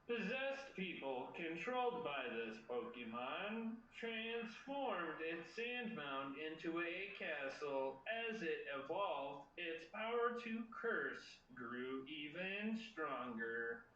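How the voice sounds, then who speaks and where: A flat, slow-reading Pokédex narrator device, as a man puts it on. The voice sounds bright and edgy. It comes from some way off the mic in a roomy space, and the sound is dull. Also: on the high side, far from the mic, full character voice. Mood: deadpan.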